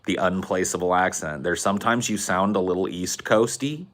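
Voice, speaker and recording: A man's voice: sits low, normal speed, fairly bright tone. A man from Central California with a Californian accent, chatting casually on a podcast, loose and profane, with lots of "like"s. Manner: loose, profane, rambling with many "like"s. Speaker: podcast co-host.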